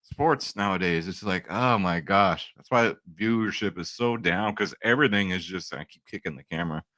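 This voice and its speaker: A man in his forties hosting a sports betting vlog, rambling and excitable in casual chat to camera. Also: low voice, normal speed, no room sound. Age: 40s.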